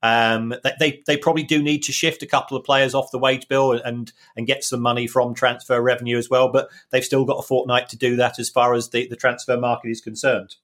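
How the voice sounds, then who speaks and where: This is a man with a mid-range voice, walking through the numbers of a football club in a steady, explanatory manner. He speaks as a podcast co-host breaking down finances for listeners. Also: mid-range voice, a little fast, hardly any pauses. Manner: explanatory, analytical. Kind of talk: podcast analysis.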